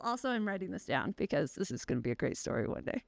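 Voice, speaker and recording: A woman's voice: mid-range voice, big pitch swings, rapid-fire, gravelly, no room sound. A woman guest on an interview podcast, telling personal stories candidly and with wry humor. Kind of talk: casual conversational interview.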